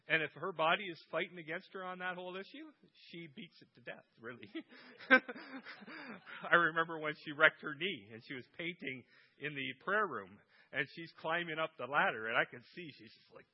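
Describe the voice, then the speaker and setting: A man's voice: high-pitched, lively intonation, normal speed, husky, highs cut off. A man preaching a sermon to a church, telling stories with humor and quoting people in their voices. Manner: humorous storytelling with quoted voices. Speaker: guest preacher.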